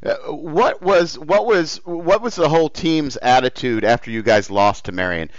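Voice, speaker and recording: A man interviewing a guest, asking halting questions that he keeps rephrasing. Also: a little high, no echo. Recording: dry, dull lo-fi audio.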